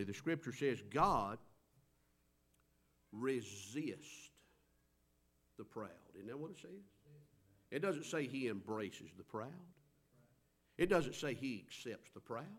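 A man preaching a sermon, swinging between loud stressed phrases and quiet drawn-out words. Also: medium pitch.

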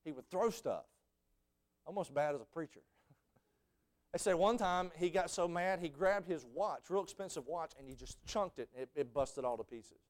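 A male preacher, giving a sermon full of stories. His voice drops low and then bursts out in shouts. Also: animated, moderate pace. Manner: storytelling, swings from hushed to shouting.

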